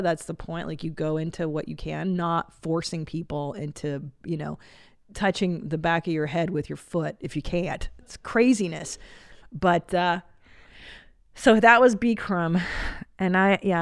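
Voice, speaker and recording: This forty-something podcast host's voice sits on the low side, recorded clean in a studio with no room sound. She rambles through a casual, funny monologue, swearing freely and laughing a lot.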